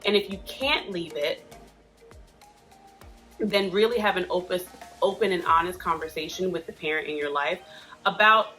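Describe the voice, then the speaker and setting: Chatty woman with a bright, forceful voice. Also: lowish voice, normal speed, long pauses, soft background music. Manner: chatty, earnest, with frequent "right?" and "um". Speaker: host giving parenting support advice. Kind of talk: casual advice talk.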